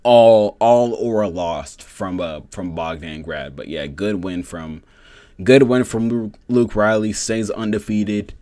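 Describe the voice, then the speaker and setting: A man with a low-pitched voice talks through fight results in a loose, rambling way. He swears constantly and fills pauses with "um" and "you know". The sound is dry and close. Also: a little mellow, no room sound. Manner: rambling, heavy swearing, many fillers. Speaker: MMA fight reviewer. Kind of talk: casual reaction commentary.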